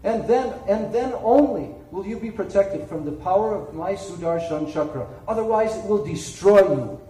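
A gentle, unhurried god speaks in a hushed, tender voice, as a man puts him on. The sound is mellow and heard from a distance. It carries the echo of a large room. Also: high-pitched, lively intonation. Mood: firm. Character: calm, gentle male supreme god. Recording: echoey room, distant mic.

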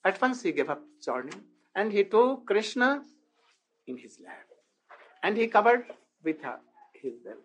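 A man giving a devotional lecture as a spiritual teacher, telling a sacred story in halting non-native English and asking his listeners rhetorical questions. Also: high voice, sing-song, a bit bright, slight background noise, rough recording.

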